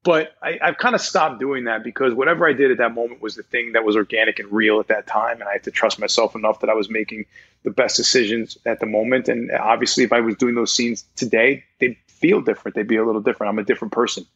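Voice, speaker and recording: A man's voice: medium pitch, steady tone, fast, a bit bright, husky. A man, a voice actor guest chatting casually and rambling in an interview, laughing easily. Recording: dull lo-fi sound.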